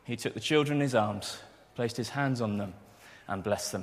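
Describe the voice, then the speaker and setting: A man's voice: fairly low pitch, normal speed. A man delivering a sermon in a church. He speaks earnestly and stumbles over words now and then. His voice rings with a long hall reverb. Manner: earnest, with restarts and fillers. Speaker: preacher.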